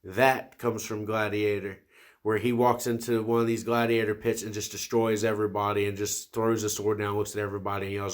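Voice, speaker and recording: A man in his twenties hosts a solo podcast, talking about movies casually and enthusiastically while rambling and restarting often. His voice is fairly low, his delivery flat, and his pace brisk.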